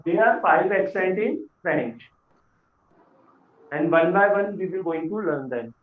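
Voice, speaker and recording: A high-pitched man teaches beginners in an unhurried, patient way, repeating key words so learners can follow. The recording is roomy and a bit muffled, with a lo-fi edge. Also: animated. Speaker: French teacher. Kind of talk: classroom lesson explanation. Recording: echoey room, dull lo-fi sound.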